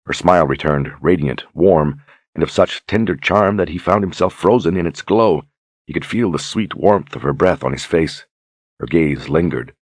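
A man narrating an audiobook in a measured, even storytelling delivery. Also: very deep voice, breathy edge, no echo. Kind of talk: scripted narration.

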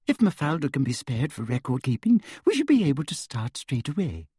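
A man's voice: medium pitch, very animated, fairly quick, warm tone, husky, dry recording, clean studio sound, pitched above the performer's own voice. Umbridge: a man putting on a simpering, prim lady official. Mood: sugary, prim. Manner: simpering, fussy, falsely sweet. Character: prim sugary middle-aged woman official, cold.

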